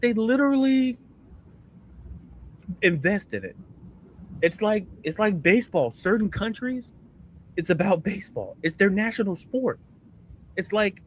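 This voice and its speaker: Guy on a sports podcast, kinda high voice, all over the place pitch-wise, ranting casual. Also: slight background noise. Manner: animated ranting with rhetorical questions. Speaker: podcast co-host.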